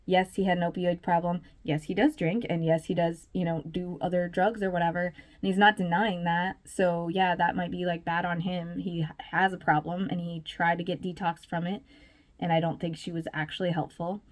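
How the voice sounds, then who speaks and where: A woman's voice: on the low side, flat delivery, moderate pace. A woman vlogger giving casual, chatty commentary, full of fillers and little laughs.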